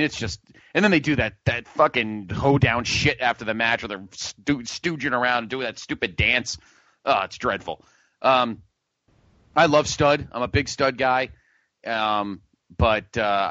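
A man hosting a casual podcast, animated and profane, laughing often as he reviews old matches. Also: medium pitch, no echo, muffled recording. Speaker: podcast host. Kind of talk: casual wrestling review chat.

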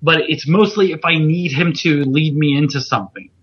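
A man's voice: fairly high pitch, normal speed, muffled recording, slight background noise. A man, a veteran pro wrestler hosting a podcast, talking casually in a rambling, self-deprecating way with restarts. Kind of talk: casual chat.

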